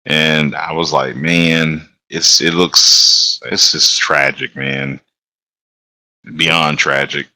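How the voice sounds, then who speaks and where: Guy in his 30s, real low voice, dry close sound, chill storyteller laughing a lot. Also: flat delivery, extremely slow, sharp tone, dry recording. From Alabama. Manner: laid-back storyteller, laughs often, acts out quotes. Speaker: guest, locomotive engineer. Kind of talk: casual storytelling on a podcast.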